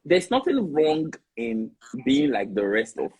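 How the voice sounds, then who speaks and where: A man with a Nigerian accent hosting a casual live online discussion, playful and quick to laugh. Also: medium pitch, wildly swooping pitch, darkish tone, breathy edge, poor audio. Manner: playful, laughs often, jokes in pidgin. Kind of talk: casual live-stream talk.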